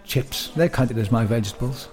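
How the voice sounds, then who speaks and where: A man's voice: medium pitch, normal speed, darkish tone. Rambling British man, easygoing chat. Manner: rambling, hesitant, with frequent restarts and laughs. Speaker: podcast co-host. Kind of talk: casual chat.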